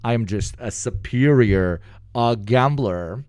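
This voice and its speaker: A man live-streaming a video reaction, chatting casually, joking and swearing, jumping from loud outbursts to low mutters. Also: slow pace, smooth, dry recording, clean studio sound. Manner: loud, swearing, jokey, swings between shouting and muttering.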